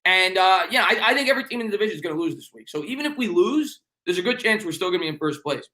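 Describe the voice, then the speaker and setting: High, bright-voiced New York man chatting. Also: animated. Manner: fast, rambling, repeats himself, joking banter. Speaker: sports YouTube live-stream host. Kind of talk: casual live-stream chat reading viewer comments.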